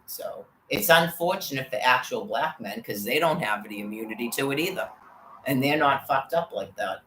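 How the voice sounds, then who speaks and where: A woman's voice: very deep voice, lively intonation, moderate pace, fairly bright tone. A woman vlogger telling a rambling, profane story about being harassed, in an agitated way. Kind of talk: rambling personal rant. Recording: roomy with faint background noise.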